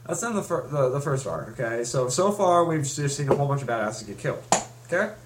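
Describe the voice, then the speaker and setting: A man's voice: mid-range voice, big pitch swings, fairly quick, noisy background. A young man in casual chat, rambling through a story with many restarts and fillers. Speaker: fan recapping a comic.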